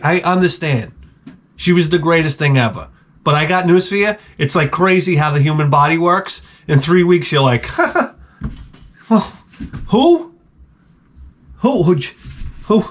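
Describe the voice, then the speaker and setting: A man with a high voice gives blunt, crude relationship advice in a rambling comic monologue. He drifts from point to point and slips into the voices of the people he describes. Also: fairly bright tone. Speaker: advice vlogger.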